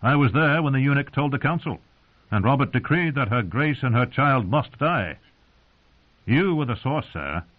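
A man's voice: mid-range voice, animated, normal speed, pitched above the performer's own voice, natural voice. A man reading aloud, voicing a stern, loyal old knight who speaks sharply, heard through narrow phone-like sound. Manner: sharp, accusing.

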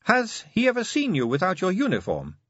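A man reading aloud voices a young female vampire with a probing, gently teasing manner. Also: on the low side, wildly swooping pitch, a little fast, husky, lo-fi sound, voice pushed up, exaggerated voice. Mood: coaxing. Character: sharp-eared young female vampire, coaxing.

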